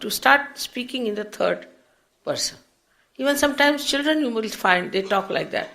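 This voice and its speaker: An older woman, a spiritual teacher, giving an unhurried, explanatory public lecture with big swings in pitch and loudness. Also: lively intonation. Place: public program before an audience.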